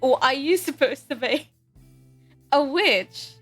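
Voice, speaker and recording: Woman doing a drunk punk dude, lazy teasing drawl, slow, bit of guitar music behind. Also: sits high, animated, a bit bright, exaggerated voice. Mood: wry. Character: lazy drunk young male punk lounging in a bathtub.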